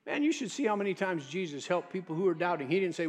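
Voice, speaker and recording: High-voiced preaching pastor. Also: male voice, big pitch swings, quick pace, few pauses. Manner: preaching, drops to a soft low voice when quoting Jesus. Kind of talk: sermon.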